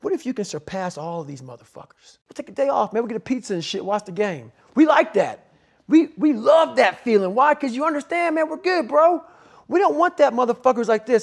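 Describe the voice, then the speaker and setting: This clip is a dry, close-miked recording of a middle-aged man, a motivational speaker, in a raised and gravelly register. His monologue is intense, expressive and brisk, full of blunt profanity, and it jolts between growled lows and abrupt shouted bursts as he hammers home a tough motivational point.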